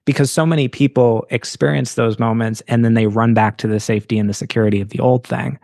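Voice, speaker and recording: Creaky-voiced man hosting a coaching interview. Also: medium pitch, steady tone, a little mellow, dry recording, clean studio sound. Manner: thoughtful, measured, affirming. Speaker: business coach and podcast host. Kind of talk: reflective interview conversation.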